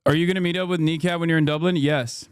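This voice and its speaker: A male streamer giving blunt, exasperated reaction commentary, swearing now and then. His voice is high for a man and smooth, and the sound is dry and close. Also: steady tone, fast, dry recording. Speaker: streamer host.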